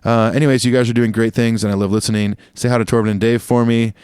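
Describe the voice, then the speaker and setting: A man's voice: mid-range voice, flat delivery, fast, a little mellow, clean tone, no room sound, clean studio sound. A man co-hosting a podcast in casual chat, reading listener emails aloud with easy laughs. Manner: laughing, slips into a jokey Australian put-on. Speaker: podcast co-host.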